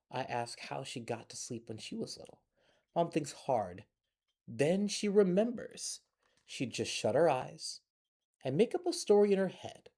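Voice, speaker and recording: A man reads a bedtime picture book aloud, breaking off for chatty asides to young listeners. His voice is warm and mellow. His pitch swings widely and playfully. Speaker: library storyteller.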